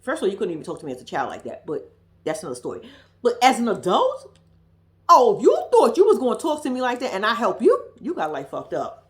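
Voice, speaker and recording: A woman's voice: fairly high pitch, huge pitch swings, fast. A woman with giving a blunt, profane, casual recap of a reality show, with laughing asides.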